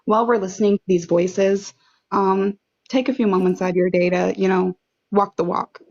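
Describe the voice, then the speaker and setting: An earnest woman from Michigan talks in a halting, filler-heavy way, urging people to take action. Her voice stays flat and even, and the audio sounds dull and lo-fi. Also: medium pitch. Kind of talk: casual call to action.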